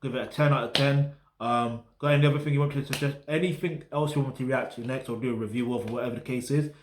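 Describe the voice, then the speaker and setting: South London man, casual music-review host, slangy and rambling, mid-pitched voice in an echoey flat. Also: fast talker, background noise. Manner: rambling, full of slang tags like "get me" and "yeah". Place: flat in a residential block.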